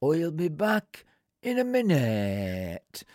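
A man doing a slow easygoing old groundsman. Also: on the high side, wildly swooping pitch, darkish tone, no room sound, clean studio sound, full character voice. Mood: unhurried.

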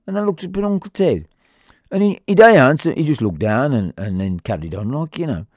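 Speaking briskly in a medium-pitched, slightly mellow voice with lively intonation, a Black Country man spins a funny, rambling yarn. He chats along with plenty of fillers and acts out quoted voices. The sound is clean studio audio with no room sound.

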